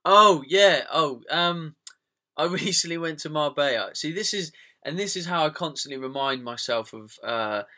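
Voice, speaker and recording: A man's voice: on the high side, animated, moderate pace, pushed and bright. A British man hosting a podcast in casual, rambling chat, with frequent fillers and the odd swear word. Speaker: podcast host.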